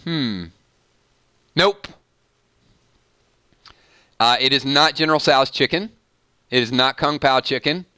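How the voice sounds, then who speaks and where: Bright Southern-accented man hosting a stream. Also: mid-range voice, slow, long pauses, smooth, no room sound. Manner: jokey, reads viewer comments aloud. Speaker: live stream host. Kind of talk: casual live stream chat.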